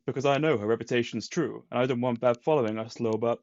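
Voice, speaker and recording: A man putting on a suave, smooth-talking male space rogue voice that his co-host teases him about. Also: medium pitch, fast talker, a little mellow, no room sound, lo-fi sound, natural voice. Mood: earnest. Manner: put-on suave drawl.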